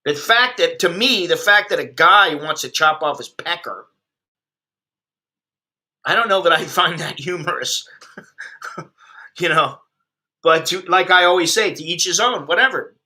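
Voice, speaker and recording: Unhurried and sharp-toned, with long pauses, this man's voice leans high. He's an American expat hosting a livestream, delivering a blunt, sarcastic, heavily profane rant about the news.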